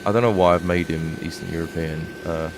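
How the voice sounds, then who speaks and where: A man's voice: low voice, steady tone, a little fast. A man with a London accent streaming a game and ranting in frustration, swearing often. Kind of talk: live gameplay commentary. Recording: noisy home stream recording.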